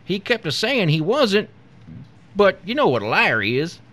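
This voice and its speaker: A man doing a slow, unconcerned rural farmer in a joke, matter-of-fact and deadpan. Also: sits high, dry recording, pitched above the performer's own voice, exaggerated voice. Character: laconic unbothered rural male farmer.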